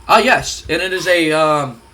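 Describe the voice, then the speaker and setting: Man, gaming host, casual let's-play commentary, hesitant, fairly high, bright. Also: measured pace. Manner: hesitant, many fillers.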